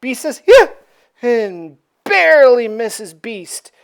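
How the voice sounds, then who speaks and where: A woman's voice: medium pitch, a little slow, darkish tone. A woman casually recapping a comic book issue in a slangy, offhand way.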